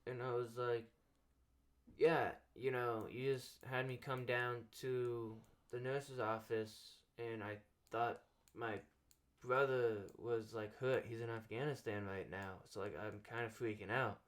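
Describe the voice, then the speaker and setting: A young man hosting a relaxed chat show, winding through a story and slipping into the voices of the people in it. He leans on fillers and restarts as he talks. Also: medium pitch, unhurried. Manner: rambling anecdote full of "like" fillers, acting out quoted dialogue. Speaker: podcast host.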